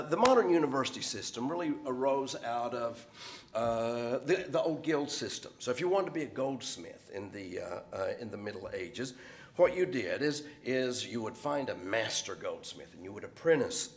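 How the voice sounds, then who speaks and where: A man's voice: mid-range voice, animated, normal speed. Man lecturing on a panel. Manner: explanatory, lecturing tone. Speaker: panel speaker, professor. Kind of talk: panel talk.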